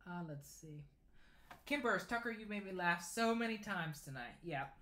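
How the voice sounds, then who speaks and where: Chatty teen boy with a bright, high voice. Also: animated, normal speed, roomy sound. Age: late teens. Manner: chatty, reads viewer comments aloud and answers them. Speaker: sewing channel host. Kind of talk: casual livestream chat while sewing. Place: home sewing room.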